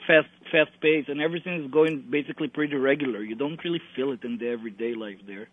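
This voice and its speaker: A young man from Israel, a bodybuilder being interviewed, speaking casually in English with halting restarts and phrasing. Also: mid-range voice, slight background noise. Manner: halting, many restarts, plain non-native phrasing. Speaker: guest bodybuilder. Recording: tinny phone-like line, dry.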